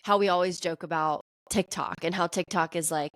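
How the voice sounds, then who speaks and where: A woman co-hosting a podcast in casual chat, relaxed and laughing easily. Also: lowish voice, brisk, no echo, studio quality. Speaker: podcast co-host.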